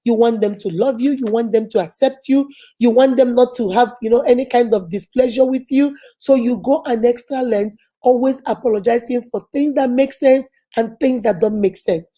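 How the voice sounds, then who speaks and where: Speaking directly to her viewers, a life coach gives a motivational teaching that's emphatic, preachy, and full of repetition. Her voice is mellow and a little high, and she keeps a moderate pace.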